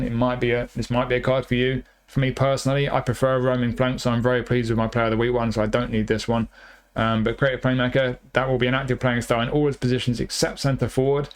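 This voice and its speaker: A man's voice: medium pitch, clean tone. A man casually talking through a video game review, thinking aloud as he goes. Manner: thinking aloud, chatty with restarts. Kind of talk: casual gameplay commentary.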